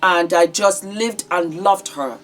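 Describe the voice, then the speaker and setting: A woman's voice: on the low side, slow, fairly bright tone. A woman vlogger giving heartfelt, conversational commentary on celebrity news.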